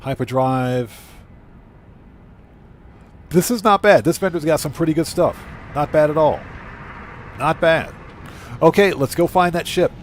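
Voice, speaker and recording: Hoarse man streaming a game. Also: on the high side, measured pace, long pauses, a little hiss or hum. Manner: reads viewer chat aloud and thanks viewers often. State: losing his voice. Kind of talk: casual live gameplay chat.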